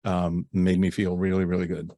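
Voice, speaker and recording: A man's voice: low voice, monotone, normal speed, no room sound. A middle-aged man, a guest actor and narrator, telling backstage stories in a rambling, chatty way with many restarts. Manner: rambling, with restarts and warm laughs. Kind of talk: casual interview storytelling.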